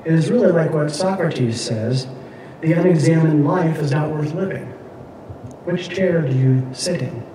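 In an echoey room recorded by a mic at a distance, a man with a fairly high voice leads a Bible class over background noise. He lectures and reads scripture aloud, stumbling through many fillers and restarts.

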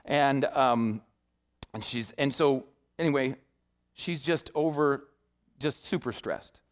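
A young man, a youth pastor, preaching a sermon built around a personal story, talking in an animated way and acting out the people he quotes. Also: medium pitch, slow pace. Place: church sanctuary.

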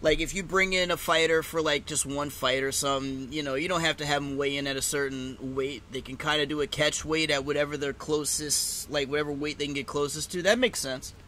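A man hosting a live reaction stream, giving casual play-by-play of a fight, swearing and breaking into shouts at big moments. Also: a little high, steady tone, brisk, hardly any pauses, slight background noise.

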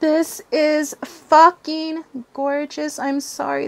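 A young woman hosting a tarot channel, gushing over an unboxing with gasps and breathy excited whispers. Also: fairly high pitch, unhurried.

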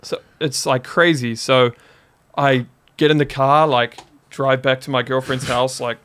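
A man in his twenties with a New Zealand accent, a podcast guest telling a story in a casual, animated way and filling his talk with "like". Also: medium pitch, unhurried. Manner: animated, heavy use of "like" as a filler.

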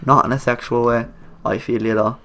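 Slight background noise sits under a young Irish gaming YouTuber's mid-range, steady, fairly bright voice, which runs a little fast. Doing let's play commentary, he rambles with jokes, talks back at the characters, and swears often in coarse slang.

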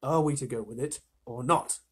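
A man reading a storybook aloud, lifting his voice a little for a steady, brave eldest boy. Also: medium pitch, normal speed, husky, natural voice.

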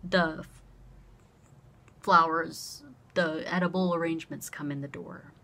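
A young woman vlogger casually telling a story, animated and swearing freely as she acts out both sides of a conversation. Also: low voice, a little slow.

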